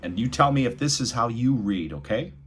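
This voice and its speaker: A man tutoring English reading in an energetic, expressive lesson, swinging between quiet and loud. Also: mid-range voice, brisk, husky. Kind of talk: energetic spoken lesson with read-aloud demos.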